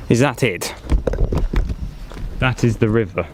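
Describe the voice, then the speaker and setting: A man's voice: medium pitch, moderate pace, noisy background. A man vlogging outdoors in a forest, chatting and joking as he thinks aloud into a handheld camera. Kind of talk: casual vlog commentary.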